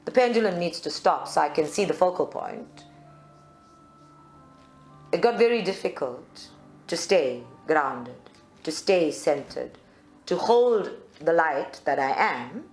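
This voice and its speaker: A woman from South Africa leading a group in a channeled spiritual talk, reflective and at times heated. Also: lowish voice. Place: meditation centre room. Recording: roomy live recording.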